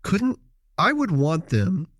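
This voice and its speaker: A man's voice: high-pitched, very animated, slow pace, fairly bright tone, no echo, studio quality. Storytelling man co-hosting a podcast. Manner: storytelling, acts out dialogue. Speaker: podcast co-host. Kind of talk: casual podcast chat.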